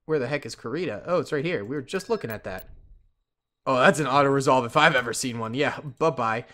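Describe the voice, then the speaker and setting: A man hosting a gaming channel, giving casual commentary on a strategy game and reacting out loud to the action as he plans. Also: mid-range voice, fast. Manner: excitable, reacts aloud to the action, casual slang; thinks aloud with fillers while planning.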